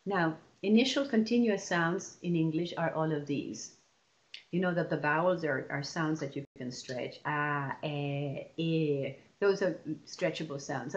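A woman leading a lesson for teachers, explaining patiently and stretching example words out slowly. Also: low voice. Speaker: teacher trainer.

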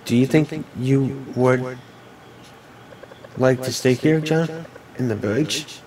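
A man reading video game dialogue aloud as a let's player, with a halting delivery and frequent restarts. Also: mid-range voice, darkish tone, poor audio.

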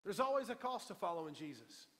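Guy preaching a sermon, kinda high voice, big echoey church hall, punchy storytelling. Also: big pitch swings, fast, a bit bright. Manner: storytelling, emphatic, repeats key lines. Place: church sanctuary. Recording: long hall reverb from a church.

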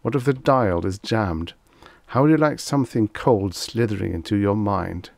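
A low-voiced man reading an edgy male gunner aboard a patrol ship, jittery and sardonic. His deep voice has a gravelly edge, recorded close and dry for a vintage science fiction audiobook. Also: normal speed, a little mellow, dry recording. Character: restless male spaceship gunner, wry and jittery.

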